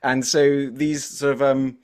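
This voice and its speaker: An English man in his forties talks as a guest in a relaxed interview. He is energetic and talkative, and he tells his stories in a lively, animated way. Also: medium pitch, takes it slowly, clear, resonant tone. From England. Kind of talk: casual interview chat.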